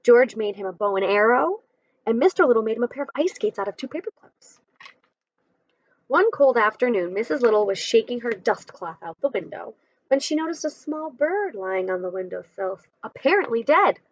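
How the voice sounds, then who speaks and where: A woman's voice: a little high, lively intonation, moderate pace, no room sound, muffled recording. A woman reading a children's chapter book aloud, adding friendly explanations between passages.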